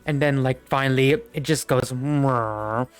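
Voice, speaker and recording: A man's voice: a little high, steady tone, unhurried, clear, resonant tone. A young man narrating a tabletop game as game master, rambling with many fillers.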